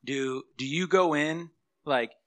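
A man in the audience asking a halting question from the floor, searching for his words. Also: a little high.

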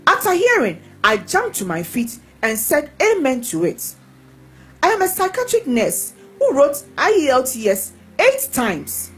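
A woman reading testimonies aloud in a lively, expressive way. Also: high voice, a little slow, faint music behind, low-quality recording.

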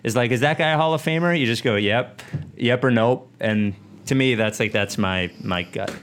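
A man's voice: mid-range voice, normal speed, a bit bright, a little hiss or hum. A man in casual podcast chat, stating his opinions bluntly and plainly.

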